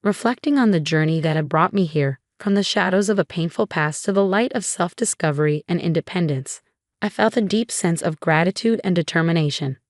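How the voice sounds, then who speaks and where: A woman giving a scripted first-person story narration in a smooth, steady reading voice. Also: fairly low pitch, fairly quick, no echo, studio quality.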